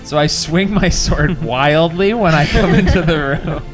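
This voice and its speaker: A man's voice: a little high, measured pace, music in the background. A man playing a tabletop game, trading jokes and playful banter. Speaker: player. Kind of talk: casual tabletop play.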